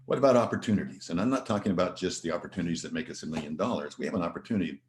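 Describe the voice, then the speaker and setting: Speaking fast in a low pitch, this man delivers a heartfelt gratitude talk as a motivational speaker at a virtual event. The recording is roomy with a little hiss or hum, and he tells stories while posing rhetorical questions to listeners.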